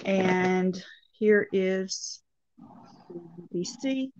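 A woman's voice: mid-range voice, drawn-out words, darkish tone. A woman from North Alabama, chatting on a video call in a friendly, hesitant way. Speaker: caller showing finds. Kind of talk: casual video call chat. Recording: dull lo-fi video call audio.

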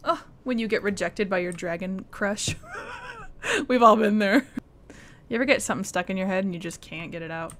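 A woman's voice: mid-range voice, very animated, normal speed, a bit bright. A young woman, chatting and giggling through a game as she streams it. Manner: chatty and giggly, talks to the game characters and chat. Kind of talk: casual gameplay commentary.

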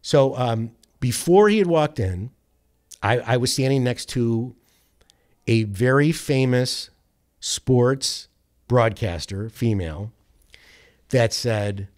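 A sports radio producer with a mid-range voice tells a long anecdote in casual chat, speaking slowly and pausing often. He rambles and restarts, animating the story with quoted voices and correcting himself along the way.

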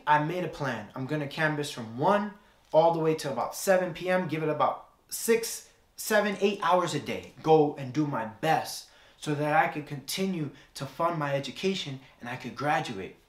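Earnest young man preaching in an echoey room. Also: on the high side. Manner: earnest storytelling with repeated phrases. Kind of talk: sermon with personal story.

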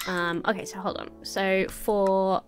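An English woman, nasal and stuffy from a cold, chats to herself while sorting items as she plays Minecraft, a building and farming game, in casual let's-play commentary. Her medium-pitched delivery is flat and unhurried, with faint music behind.

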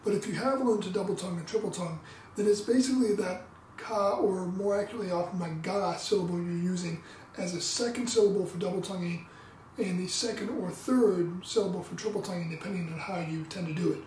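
A man's voice: sits high, a little fast. Man, trumpet lesson, roomy echo, mic set back, faint hiss. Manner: relaxed and explanatory, sings tonguing syllables. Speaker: trumpet teacher. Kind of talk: instructional demo talk. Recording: roomy, distant mic, faint background noise.

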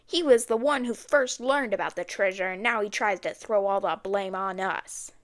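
A woman's voice: mid-range voice, moderate pace, natural voice. A woman reading an audiobook, voicing a curt, defensive scheming woman in custody. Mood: furious. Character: sullen scheming woman prisoner.

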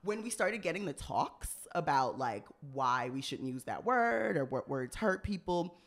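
A young woman co-hosts a podcast in loose, teasing banter. Her pitch swings all over, and she breaks into loud laughs often. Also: very animated, unhurried. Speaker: podcast co-host. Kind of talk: casual chat.

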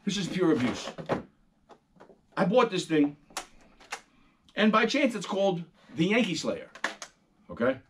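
A middle-aged man, hosting a casual, profane and animated monologue. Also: high-pitched, measured pace, long pauses, noisy background. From New York. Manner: animated, profane storytelling, acting out quoted voices. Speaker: host.

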